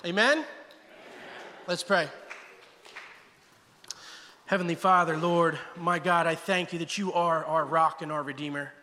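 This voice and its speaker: A man preaching a passionate guest sermon, swinging between loud exclamations and hushed, intense passages. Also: fairly high pitch, fairly even intonation, a little fast, hardly any pauses, long reverb tail.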